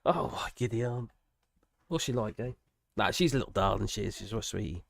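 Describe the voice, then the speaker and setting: A woman's voice: rumbling low, lively intonation, fairly quick, creaky, dry recording, clean studio sound. A middle-aged woman, hosting a live stream in casual, giggly, exclamatory chat.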